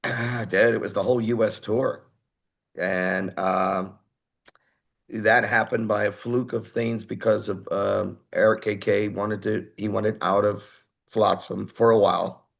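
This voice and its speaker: Male metal singer guest; gravelly, low-pitched, lively storyteller. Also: unhurried. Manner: animated storyteller, acts out quotes, laughs often. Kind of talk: storytelling in an interview.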